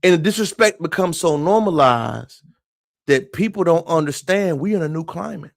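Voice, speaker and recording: A man's voice: fairly high pitch, lively intonation, moderate pace, creaky. A man giving impassioned live-stream commentary, emphatic and preachy, who keeps calling his viewers y'all. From moved to Texas from elsewhere.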